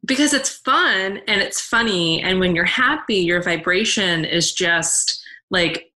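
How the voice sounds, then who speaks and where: A woman's voice: fairly low pitch, animated, a little slow, bright, forceful tone, rough recording. A woman co-hosting a podcast, chatting casually and rambling a little as she searches for words. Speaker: podcast co-host.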